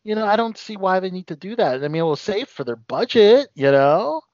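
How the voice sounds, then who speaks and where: A man's voice: sits high, lively intonation, a little fast, a little mellow. A man hosting a casual pop-culture podcast who rambles with many fillers and restarts. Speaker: podcast host. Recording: dull, dry lo-fi sound.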